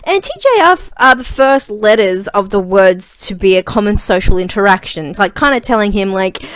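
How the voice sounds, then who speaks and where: A woman's voice: medium pitch, a little fast, hardly any pauses, no echo. Chatty woman vlogger. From Australia. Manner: chatty, giggly, full of fillers and animated retelling. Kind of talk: casual storytelling vlog.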